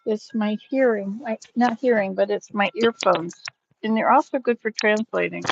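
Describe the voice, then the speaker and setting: Recorded on a phone in an outdoor garden with wind chimes, a woman vlogger talks in a rambling, chatty way during a casual live-stream, chuckling to herself. Her medium-pitched voice moves at a normal speed with some vocal fry. The audio is muffled, with background noise.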